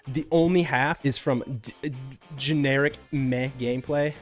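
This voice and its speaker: A young man talks through a game review in a loose, rambling way, swinging into exasperated rants. His voice sits at an ordinary middle pitch. Faint music plays underneath. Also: steady tone, moderate pace. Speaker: gaming video creator. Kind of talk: casual game review monologue.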